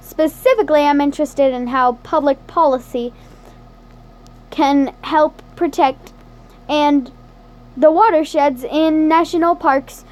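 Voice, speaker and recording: A woman's voice: high voice, fairly even intonation, unhurried. A woman voicing a stressed, nervous teenage boy who is class president, anxious and self-deprecating. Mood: earnest.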